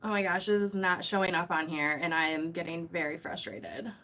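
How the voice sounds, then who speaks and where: A woman's voice: fairly low pitch, steady tone, fairly quick, a bit bright. A young woman hosting a casual live stream from home, greeting viewers by name and apologizing often, picked up by a camera set some distance away.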